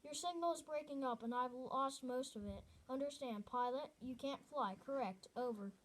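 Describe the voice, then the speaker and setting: A calm male radio operator on the other end of a call, as a woman reading a storybook aloud puts him on. He speaks in measured, procedural phrases, and the voice sits a little high for a man.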